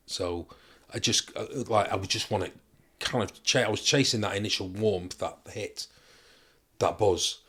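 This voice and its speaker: A man, a guest telling stories in a relaxed chat and acting out voices as he goes. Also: on the low side, moderate pace, husky. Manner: storytelling, animated impressions. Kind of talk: casual chat.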